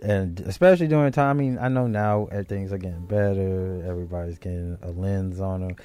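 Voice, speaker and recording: A man's voice: deep voice, fast, warm tone, clear, resonant tone, no room sound. A man hosting a podcast in casual chat, loose and rambling as he restarts his thoughts. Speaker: podcast host.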